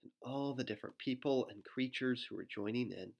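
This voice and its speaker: A male pastor reads a rhyming children's book aloud in an easy, mid-pitched voice. He slips into playful asides for young listeners and joins in with animal noises. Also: brisk, creaky, lo-fi sound. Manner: gentle storytelling with playful asides and animal sounds.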